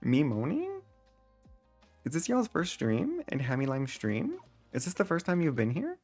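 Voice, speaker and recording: A man streaming a game live, talking back to his chat in a sassy, theatrical way, his voice leaping high when he exclaims. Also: wildly swooping pitch, normal speed, darkish tone, soft background music.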